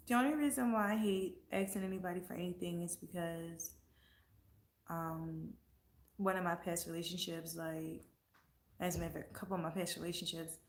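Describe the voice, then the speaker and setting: A woman's voice: on the low side, echoey room. A woman vlogger chatting casually and answering comments, blunt and profane, getting heated as she talks.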